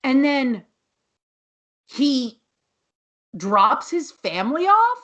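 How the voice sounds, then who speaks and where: Female co-host, high and lively, chatty rambling recap style. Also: very slow, muffled recording. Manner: rambling, animated retelling with many restarts. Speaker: podcast co-host. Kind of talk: casual chat recapping a TV episode.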